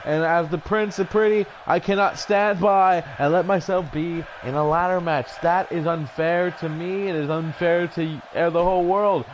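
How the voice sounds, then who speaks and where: A man voicing a vain, arrogant male wrestling champion who cuts a taunting promo over a video game, pompous and now and then shouting. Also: fairly high pitch, fairly even intonation, normal speed, hardly any pauses, a little hiss or hum, close to an everyday voice, rough recording. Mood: smug insulting.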